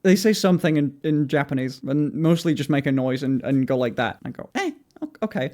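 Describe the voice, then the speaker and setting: A streamer in their twenties from England with an English accent, ranting and swearing to stream chat in a casual way, often climbing into indignant shouts. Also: mid-range voice, brisk. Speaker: livestreamer.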